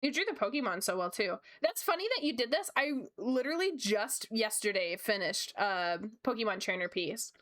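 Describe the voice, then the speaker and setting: A young woman chatting casually as she draws on a livestream, bubbly and gushing with quick asides. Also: medium pitch, expressive, fairly bright tone. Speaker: streamer. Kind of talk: casual chat while drawing.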